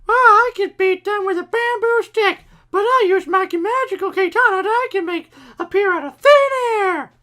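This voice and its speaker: A man voicing a hyper, carefree teen girl goddess from a cartoon in a squealing falsetto, overdramatic. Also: moderate pace, hardly any pauses, sharp tone. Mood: boastful.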